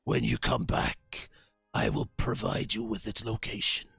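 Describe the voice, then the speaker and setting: A man voicing a menacing male warlord who commands witches and soldiers, speaking slowly in cold half-whispers. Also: on the low side, flat delivery, vocal fry, fairly bright tone, breathy edge, no room sound, clean studio sound, soft background music, exaggerated voice.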